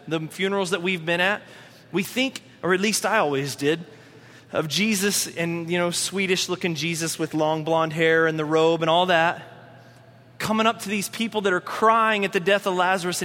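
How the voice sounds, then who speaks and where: A man preaching a sermon as a pastor, animated and acting out the voices he quotes. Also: high voice, big-room sound.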